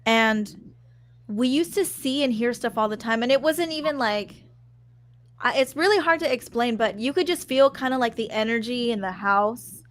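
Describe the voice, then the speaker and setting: A woman's voice: on the high side, normal speed. Casual woman telling a true ghost story. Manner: casual, hesitant, lots of "like". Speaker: guest. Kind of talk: personal storytelling on a live show.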